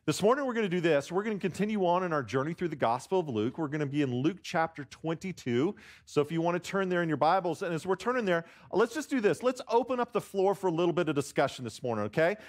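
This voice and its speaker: A man with a high voice and big pitch swings speaks fast with few pauses as a guest pastor in a church sanctuary, choked up and near tears. His sermon is jokey, warm-hearted and self-deprecating, drawing call-and-response answers from the congregation while he often restarts his sentences.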